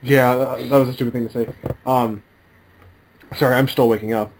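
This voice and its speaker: A man co-hosting a podcast, asking questions in a halting way with many fillers. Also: mid-range voice, flat delivery, a little mellow, a little hiss or hum, rough recording. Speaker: podcast co-host. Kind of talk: casual chat.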